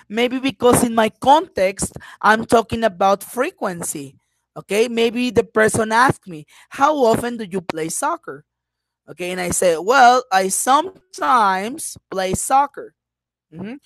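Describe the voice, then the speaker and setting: A woman's voice: mid-range voice, no room sound, rough recording. Woman teaching. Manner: patient, repeats words slowly, frequent "uh-huh" fillers. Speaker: English teacher. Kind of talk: online phonetics lesson.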